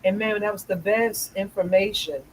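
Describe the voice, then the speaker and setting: A woman's voice: medium pitch, normal speed, a little hiss or hum, rough recording. An older woman hosting a casual chat, telling rambling stories with many restarts. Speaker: host.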